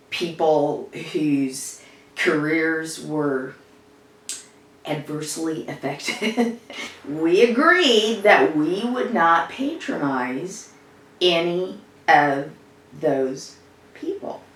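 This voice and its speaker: Actress as a social worker, improvised monologue, slow rambling delivery, low-ish voice. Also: female voice. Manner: rambling, conversational storytelling with fillers. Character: adult woman social worker recounting a family row. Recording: echoey room, distant mic.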